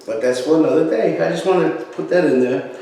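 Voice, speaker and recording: A man's voice: on the high side, fairly quick, gravelly, dark tone. Man preaching loosely in an echoey room. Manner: rambling, emphatic, rhetorical questions. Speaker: Christian video preacher. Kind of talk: informal religious talk. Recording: very echoey room, distant mic, faint background hiss.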